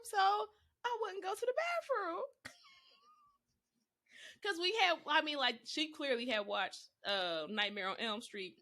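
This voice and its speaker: A young woman from Texas, co-hosting a podcast and telling family stories in a casual, animated way, laughing often. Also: very high-pitched, slow. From Texas, USA. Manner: animated, laughing, slips into voices for quotes. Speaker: podcast co-host. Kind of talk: casual storytelling chat.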